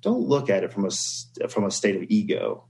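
A man's voice: lowish voice, big pitch swings, brisk, creaky, darkish tone, low-quality recording. A man speaking as a podcast guest in casual conversation, reflective and earnest, often telling stories.

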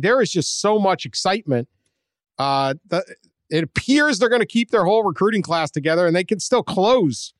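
A man's voice: fairly high pitch, no room sound, studio quality. A man hosting a casual sports podcast, conversational with wry jokes and trailing fillers. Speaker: podcast host.

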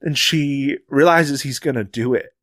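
A man in casual conversation about a film, getting choked up, halting and restarting as he recounts scenes. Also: medium pitch, fairly bright tone, dry recording, studio quality. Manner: emotional, halting, many restarts.

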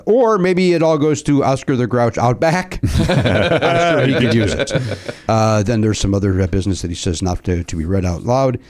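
A man with a Chicago accent chats on a podcast at an ordinary middle pitch. He rambles and stops often on fillers as he reads aloud and jokes. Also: darkish tone. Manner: rambling, halting delivery with many fillers. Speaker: podcast co-host. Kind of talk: casual podcast banter.

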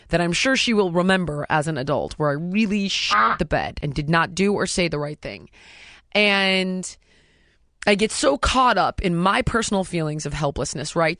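A woman's voice: lowish voice, a bit bright, no room sound, clean studio sound. A middle-aged woman hosting a podcast, talking candidly and bluntly in casual chat, cursing freely. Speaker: podcast host.

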